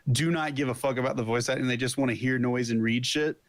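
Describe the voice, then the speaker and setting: A man's voice: mid-range voice, fairly even intonation, fast, no echo. A man co-hosting a casual podcast, blunt and swearing heavily. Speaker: podcast co-host. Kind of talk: casual chat.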